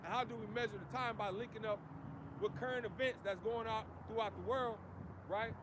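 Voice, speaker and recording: A man with a high voice preaches on the street, driving each point home in an emphatic, preachy cadence. He keeps tagging lines with "man" and "you see". Clear outdoor street noise runs behind him. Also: a little fast.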